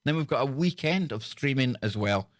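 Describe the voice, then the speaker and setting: Man, live talk show host, mid pitch, enthusiastic, chatty, repeats himself. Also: animated, normal speed.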